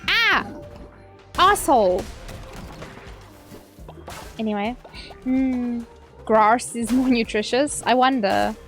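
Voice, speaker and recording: High-voiced young woman streamer, sweary and excitable, light music under her. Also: slow pace, long pauses. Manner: excitable, swearing, squeals and gasps, chatting with viewers. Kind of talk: casual live gaming commentary.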